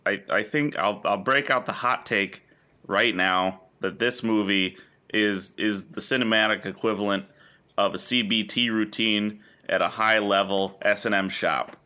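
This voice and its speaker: A man's voice: lowish voice, fairly even intonation, unhurried, bright, forceful tone. A man co-hosting a podcast, joking and swearing through playful hot takes in casual chat. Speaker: podcast co-host.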